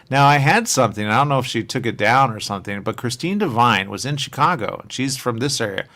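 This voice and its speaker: A man's voice: mid-range voice, quick pace, sharp tone. A man hosting a radio show, rambling in casual chat, trailing off and coming back to the same stock phrases. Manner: rambling, trails off, repeats "there you go".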